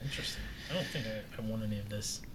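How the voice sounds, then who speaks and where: A man's voice: on the low side, very fast, a bit bright. A man co-hosting a podcast in casual chat, with a wry, teasing manner. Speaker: podcast co-host. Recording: crowd noise in background.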